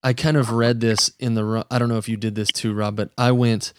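A man's voice: mid-range voice, little pitch movement, fairly quick, slight background noise. A man hosting a podcast, chatting enthusiastically about a comic book issue with a guest. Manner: enthusiastic, chatty, lots of "like" and "dude". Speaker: podcast host. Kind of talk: casual comic book review chat.

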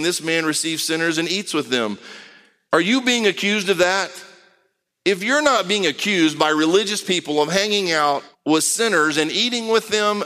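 A man preaching a conversational sermon, reading scripture aloud and acting out quick voices. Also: high voice, bright, forceful tone, big-room sound.

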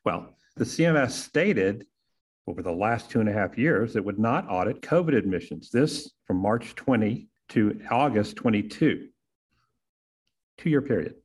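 A man's voice: fairly low pitch, animated, measured pace, husky. A man, hosting a podcast and delivering a sarcastic, punchy opinion monologue full of rhetorical questions. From Texas. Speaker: podcast host.

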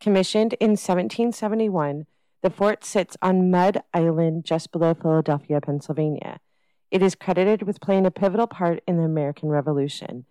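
Female podcast host reading her script, smooth, mellow tone, dry studio sound. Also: fairly low pitch, moderate pace, dry recording, poor audio. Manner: reads a prepared script.

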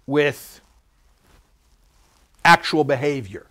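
A man's voice: mid-range voice, normal speed. Chatty man teaching a class. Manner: lively anecdotal delivery with questions to the class. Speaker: Torah teacher. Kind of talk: classroom lecture with storytelling.

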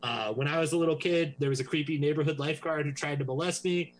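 Animated male podcast host. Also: a little high, quick pace, soft background music, low-quality recording. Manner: animated, swinging between joking and earnest. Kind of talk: casual comedic podcast chat.

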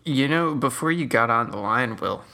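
A man's voice: medium pitch, expressive, normal speed, creaky, pushed and bright. A man co-hosting a podcast in casual chat, upbeat and egging his friends on. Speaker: podcast co-host.

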